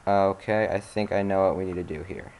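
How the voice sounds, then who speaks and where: A man with a slightly low voice talks through a video game in loose, off-the-cuff commentary. He mutters to himself between moves and regularly erupts into exasperated swearing. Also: steady tone, a little fast, darkish tone. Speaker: video game let's-play host. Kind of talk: casual gameplay commentary.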